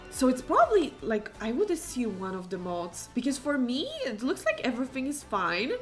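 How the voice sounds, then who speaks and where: Woman streamer, higher-pitched, gabbing excitedly over gameplay with faint background music. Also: normal speed, hardly any pauses. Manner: chatty, exclamatory, many fillers. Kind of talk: casual gameplay commentary. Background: faint game music.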